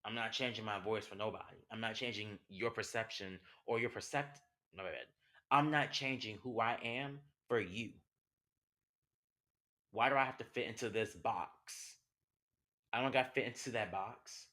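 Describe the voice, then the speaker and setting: A man's voice: lowish voice, moderate pace, sharp tone. A young man, hosting a podcast as a passionate, conversational monologue full of rhetorical questions. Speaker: podcast host. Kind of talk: personal monologue.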